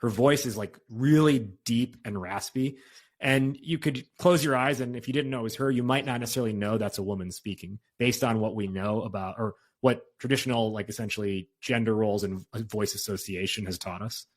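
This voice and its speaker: A man's voice: lowish voice, steady tone, brisk. A man hosting a podcast interview over a video call, asking long rambling questions full of fillers and restarts. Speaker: podcast host. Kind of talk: casual interview.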